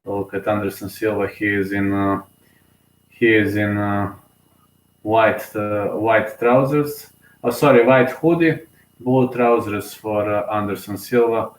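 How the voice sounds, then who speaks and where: A man's voice: on the low side, fairly even intonation, measured pace, reverberant, low-quality recording. A young man, giving casual solo live commentary on a fight, emotional and rambling, full of fillers and restarts, sleepy.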